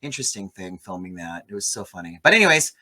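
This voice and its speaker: A man hosting a casual movie review chat, animated and gossipy, often swearing. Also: low voice, fast. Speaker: host.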